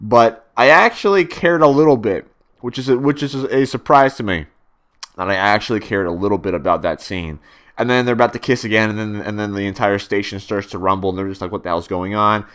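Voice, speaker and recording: A man's voice: on the low side, fairly quick, fairly bright tone. A young man giving a casual spoken video review, rambling with many fillers and restarts and swearing freely.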